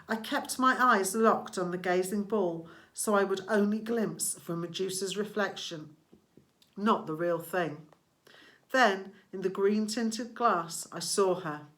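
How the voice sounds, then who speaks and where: A woman reads a novel aloud as the narrator, taking her time with each sentence. Her tone is bright and clear, and her pace stays unhurried. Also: mid-range voice. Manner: slow, deliberate reading. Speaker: audiobook reader. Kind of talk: scripted narration.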